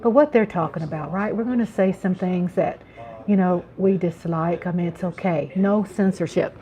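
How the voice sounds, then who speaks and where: A woman's voice: fairly low pitch, moderate pace, mellow. A middle-aged woman from the United States hosting a live chat stream, talking casually, laughing often and greeting viewers by name. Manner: chatty, laughing, reading out chat names.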